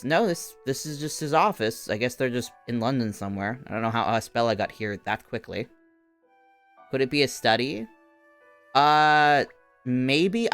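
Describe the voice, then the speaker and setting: A man's voice: mid-range voice, fairly bright tone. A young man streaming a game, chatting casually and rambling with lots of fillers.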